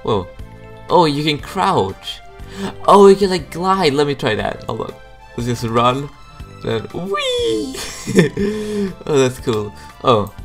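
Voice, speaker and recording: Frequent giggles and excited shouts punctuate this young host's laid-back gameplay commentary, delivered in a medium-pitched voice.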